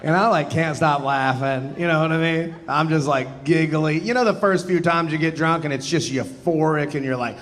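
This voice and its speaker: Rambling stand-up comedian, slightly high voice. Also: male voice, normal speed, hardly any pauses, a bit bright. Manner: rambling, self-deprecating, laughing through lines. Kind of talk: stand-up storytelling. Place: theater stage with live audience.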